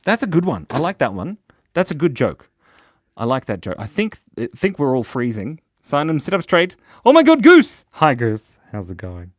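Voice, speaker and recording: A playful man runs a live drawing lesson for kids, reading chat aloud and cracking jokes as he sketches. His voice swings lively up and down. The sound is dry and close. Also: mid-range voice, moderate pace, no echo. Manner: playful, jokey, animated, reads chat aloud. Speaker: drawing show host.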